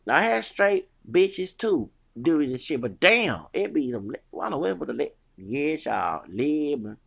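Gravelly man ranting angrily. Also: fairly high pitch, sing-song, unhurried, a bit bright, dull audio. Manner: angry, profane, rambling with many restarts. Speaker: podcaster. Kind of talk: heated solo rant.

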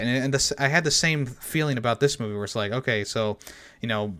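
A man's voice: mid-range voice, brisk, bright, forceful tone. A man talking casually about a movie with friends, rambling with many fillers and restarts. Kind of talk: casual film discussion.

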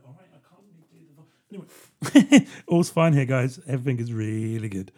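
Man, podcast host, casual monologue, dark husky voice, jokey, keeps saying "right?". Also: mid-range voice, fast talker. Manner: joking and rambling, keeps asking "right?".

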